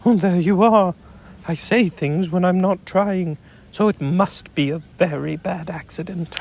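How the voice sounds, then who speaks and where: A man voicing a gentle, muddled male teddy bear who talks in an earnest, puzzled way in a storybook reading. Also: high-pitched, unhurried, voice pushed up.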